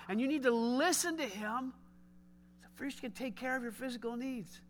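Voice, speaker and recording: A man preaching a sermon, swinging between loud emphatic lines and hushed low asides, often asking the congregation direct questions. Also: normal speed. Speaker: pastor.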